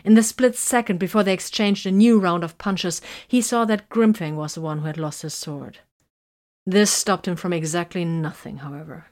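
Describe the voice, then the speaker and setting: A woman's voice: lowish voice, normal speed, a little mellow. Woman narrating a fight scene. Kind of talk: audiobook reading of fan fiction.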